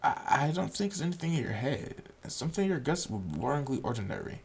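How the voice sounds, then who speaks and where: A man putting on a raspy deadpan schoolgirl. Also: fast talker, exaggerated voice. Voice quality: slight rasp. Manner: flat deadpan delivery, soft and low-key. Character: deadpan, blunt teenage schoolgirl. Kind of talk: voicing a visual novel character.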